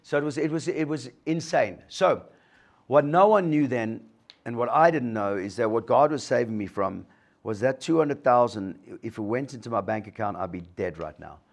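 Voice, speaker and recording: A man's voice: mid-range voice, expressive, normal speed, vocal fry. A middle-aged man gives a motivational talk to an audience, telling his story and acting out the dialogue. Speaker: guest speaker sharing a recovery story.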